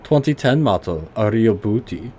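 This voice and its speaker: A man voicing a stout, gruff but kindly old tinkerer with a heavy put-on German accent, reading game dialogue. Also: on the low side, animated, normal speed, a little mellow, slight background noise, voice pushed up, close to an everyday voice. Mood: gruff friendly.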